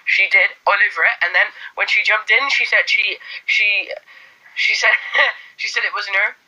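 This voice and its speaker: A man's voice: high-pitched, fairly even intonation, normal speed, pushed and bright, poor audio. A man playing a mouthy young lad who mocks and gossips in a put-on Bristol voice. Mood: mocking. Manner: mocking, gossipy.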